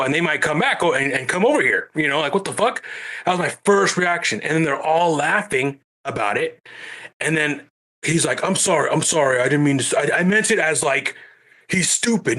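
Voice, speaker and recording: A man with a bright, ringing, fairly high voice, guesting on a casual podcast. He tells his story in an animated way, with plenty of swearing.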